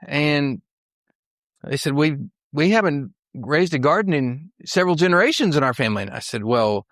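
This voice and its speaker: A man's voice: fairly high pitch, lively intonation, moderate pace, a bit bright, no room sound, studio quality. A middle-aged man from Western Oklahoma giving a church mission talk, telling his story in a folksy, earnest way with fillers and restarts. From Western Oklahoma, USA. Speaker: missionary speaker.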